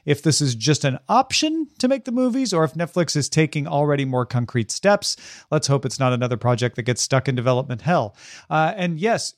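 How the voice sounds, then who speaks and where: A man co-hosts a book podcast, relaxed and joking, with plenty of "uh" fillers. His voice sits somewhat high for a man. The sound is dry and close. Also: dry recording. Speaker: podcast co-host. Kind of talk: casual chat, reading listener news.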